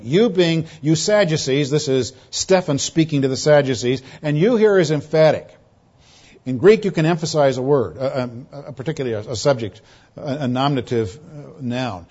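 A man's voice: mid-range voice, moderate pace, darkish tone, lo-fi sound. A man preaching an expository sermon in earnest, repeating words and phrases for emphasis.

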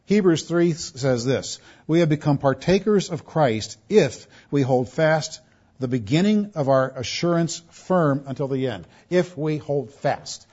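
A man preaching a sermon, his voice swelling on key words and dropping low, often repeating words as he restarts. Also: animated, measured pace, breathy edge. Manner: preaching with emphatic swells and soft drops. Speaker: pastor. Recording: dull lo-fi sound.

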